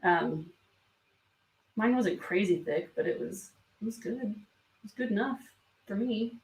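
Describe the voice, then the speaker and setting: A woman hosts a live stream, reading comments in a soft, hesitant voice full of ums. She is emotional and near tears, and her voice has a gravelly edge. She sits back from the mic in an echoey room. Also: medium pitch, animated, unhurried. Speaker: beauty vlog host. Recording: roomy sound from a distance from the mic.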